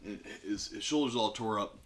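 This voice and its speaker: A man with a somewhat low voice tells a film's story as a loose, profane comedy bit. He rambles and sometimes bursts into loud acted-out lines. Faint background hum sits behind him. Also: moderate pace. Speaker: podcast guest retelling a film. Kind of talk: profane comedic movie recap.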